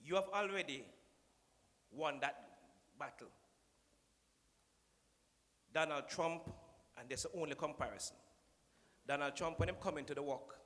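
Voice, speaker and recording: A man's voice: on the high side, unhurried, pauses often, a bit bright. A man with a Jamaican accent giving a playful, teasing conference speech from a podium, slipping into patois. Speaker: conference speaker addressing the minister. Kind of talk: joking public speech. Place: conference hall. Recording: long reverb of a large hall.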